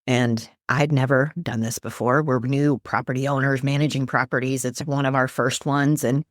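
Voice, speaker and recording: A woman guest who is a life coach and minister, talking earnestly about faith and quoting scripture in an animated, preacherly way. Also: rumbling low, normal speed, no echo, studio quality. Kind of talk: earnest faith-based teaching in conversation.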